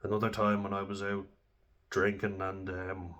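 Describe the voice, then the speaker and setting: A man's voice: low-pitched, little pitch movement, moderate pace, fairly bright tone. A young Irish man telling candid, sweary stories about his own drinking, casual and self-deprecating. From Ireland. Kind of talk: candid personal storytelling.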